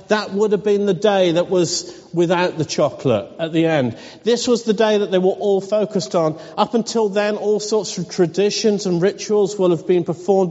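A man's voice: sits high, a little mellow. Man, preacher, storytelling sermon, wry, lo-fi dull sound, reverberant hall.

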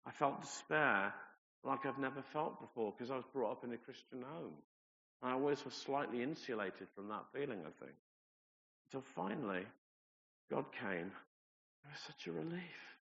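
Earnest preacher in a hall. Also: male voice, medium pitch, lively intonation, moderate pace, creaky, a bit bright. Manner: earnest, conversational, with personal stories and self-deprecating asides. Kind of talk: sermon. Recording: reverberant hall, dull lo-fi sound.

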